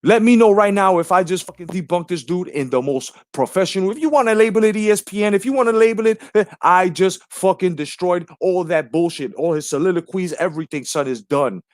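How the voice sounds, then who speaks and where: A man's voice: high voice, fairly quick, hardly any pauses, no echo, studio quality. A man hosting a live stream, ranting brashly and profanely while greeting viewers in the chat.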